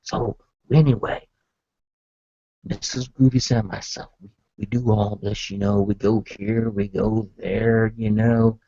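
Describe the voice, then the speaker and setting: A man's voice: on the low side, little pitch movement, unhurried, dark tone, dry recording. A man telling a rambling comic story in hip retro slang, full of asides. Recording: dull lo-fi dry sound.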